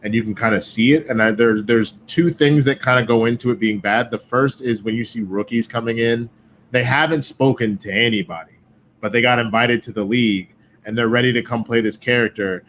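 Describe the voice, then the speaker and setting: Profane, animated man telling stories. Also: mid-range voice, brisk, slight background noise. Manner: profane, animated storytelling with quoted voices. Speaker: guest. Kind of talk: casual podcast chat.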